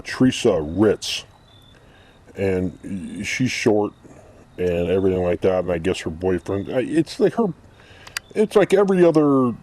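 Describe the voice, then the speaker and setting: A man talks outdoors in a blunt, rambling way, giving his casual opinions to the camera. His voice sits fairly low for a man. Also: mellow. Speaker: vlogger.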